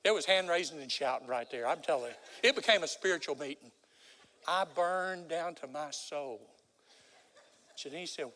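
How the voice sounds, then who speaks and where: An older man with a drawl delivers a sermon, his voice sitting a little high for a man. He tells stories with drama, rising to loud exclamations and dropping to near-whispers. The sound rings with the long reverb of a large church hall. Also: moderate pace. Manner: dramatic storyteller, swings from loud to hushed. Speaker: guest preacher. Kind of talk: sermon with storytelling.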